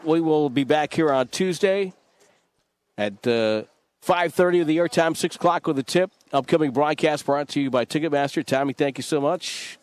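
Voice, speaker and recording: A man's voice: mid-range voice, smooth, no room sound. A man working as a play-by-play broadcaster, wrapping up a postgame show in an easygoing, amused, teasing way.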